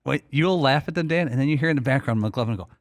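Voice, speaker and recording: A man, a regular on a talk show, ribbing his coworkers and quick to laugh. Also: mid-range voice, background noise. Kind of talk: casual studio banter.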